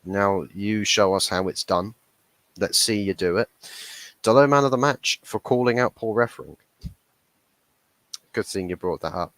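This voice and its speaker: A man's voice: on the low side, moderate pace, long pauses, a bit bright, no room sound, low-quality recording. Ranting man reacting to football. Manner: ranting, swearing, mocking the referee. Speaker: football fan channel host. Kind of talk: heated match reaction stream.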